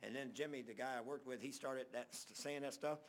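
A man preaching a sermon, telling stories in a rambling way that speeds up in bursts and drops soft at the ends of phrases. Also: medium pitch, steady tone, fairly quick.

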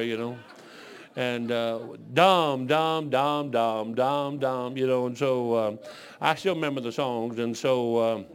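A man's voice: mid-range voice, clean tone. A man in his sixties from Detroit, preaching a folksy sermon full of rambling, joking stories. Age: 60s.

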